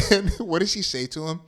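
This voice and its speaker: A man co-hosting a casual movie review chat, relaxed and laughing as he retells scenes. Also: sits high. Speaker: podcast co-host.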